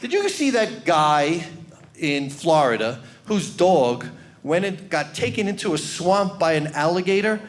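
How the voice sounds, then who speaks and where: A male comedian works a stage through a handheld mic. His voice sits high and swings widely, and he talks in an animated way, shouting some lines for effect. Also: unhurried, slight background noise. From New York. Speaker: stand-up comedian. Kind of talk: stand-up comedy routine.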